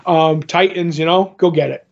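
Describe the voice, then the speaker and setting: High-voiced joking man. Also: steady tone, gravelly, muffled recording. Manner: joking, quick asides. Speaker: podcast co-host. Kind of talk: casual chat.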